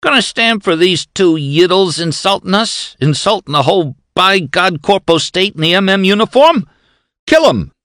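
A man's voice: sits high, sing-song, a little slow, gravelly, sharp tone, no echo, studio quality, pitched above the performer's own voice, full character voice. A man voicing a crude, violent male guard with a whiny, bloodthirsty manner. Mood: menacing.

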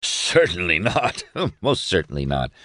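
A man's voice: low-pitched, big pitch swings, a little slow, sharp tone, no room sound, clean studio sound, full character voice. A man voicing a pompous, overly cordial young male lawyer with stiff, formal, senatorial speech in an audiobook reading.

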